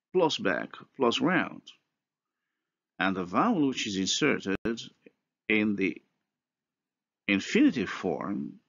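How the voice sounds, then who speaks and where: A man lecturing on phonology at a slow, deliberate pace, his low voice gravelly and creaky. He works through examples step by step, pausing often and restarting now and then. The recording sounds dull and lo-fi. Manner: slow, methodical explaining with pauses and restarts. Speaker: university linguistics lecturer.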